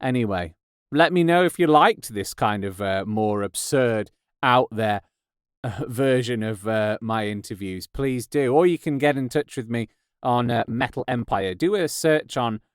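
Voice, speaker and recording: A man's voice: mid-range voice, a little slow, smooth, no echo. A man hosting a podcast, rambling in a casual, self-mocking way with frequent laughs and restarts, recorded in a padded home studio booth. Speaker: podcast host and voice actor. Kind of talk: casual monologue.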